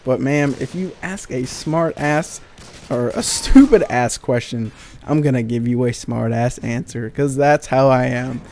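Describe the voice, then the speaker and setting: A man's voice: mid-range voice, unhurried, darkish tone. Sarcastic young man ranting, faint hiss. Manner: sarcastic, profane, exasperated. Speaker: gaming channel commentator. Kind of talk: ranting storytime over gameplay.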